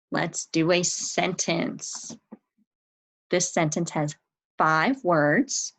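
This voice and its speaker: Her voice fairly low and steady, a woman draws out her words and leaves long pauses while teaching young children to spell. Patient and encouraging, she sounds out each word and spells it letter by letter, on a rough recording.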